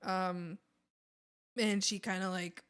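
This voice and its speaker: A woman's voice: on the low side, flat delivery, takes it slowly, smooth. A woman streamer with a lisp, chatting casually and telling rambling stories with laughs while she draws. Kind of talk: casual chat while drawing.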